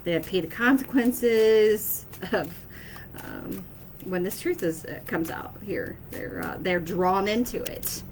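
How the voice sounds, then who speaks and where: A woman's voice: mid-range voice, unhurried, a little mellow, slight background noise, rough recording. A woman speaking casually to her viewers as an intuitive reader, hesitant, with many fillers and checks of "okay?". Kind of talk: casual spoken message to camera.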